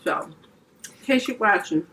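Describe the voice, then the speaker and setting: A woman's voice: medium pitch, lively intonation, measured pace, a bit bright, distant mic, low-quality recording. A woman from Louisiana co-hosting an eating video, chatting casually and laughing easily. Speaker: mukbang co-host. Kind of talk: casual chat while eating. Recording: voice from a bit away, light hiss.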